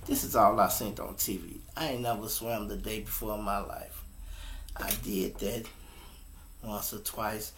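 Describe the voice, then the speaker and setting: A man casually telling a story to his listeners, animated and profane, often calling them y'all, speaking at his computer setup. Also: fairly low pitch, a little slow, slight background noise.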